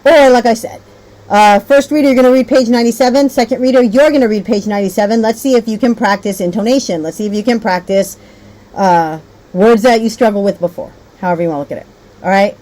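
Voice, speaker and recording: A woman's voice: on the high side, quick pace, warm tone, rough recording. A woman training teachers on a reading method, rambling a little, correcting herself and checking in often. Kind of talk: teacher training talk with read-aloud demos.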